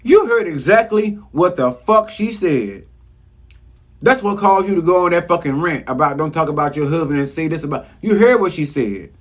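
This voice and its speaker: A man's voice: a little high, expressive, moderate pace. A man giving a casual, profane recap of a reality show episode, scolding the cast bluntly. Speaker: reality TV commentator.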